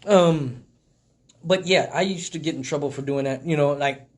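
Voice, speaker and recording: A man's voice: a little high, moderate pace. A man hosting a casual live stream, talking loosely and profanely, joking with viewers. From Michigan.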